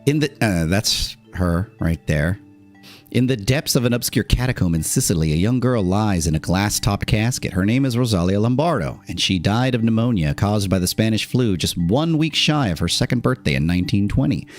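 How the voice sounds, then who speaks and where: Low-voiced man reading aloud on stream. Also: animated, normal speed, soft background music. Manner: reads aloud with casual asides and laughs.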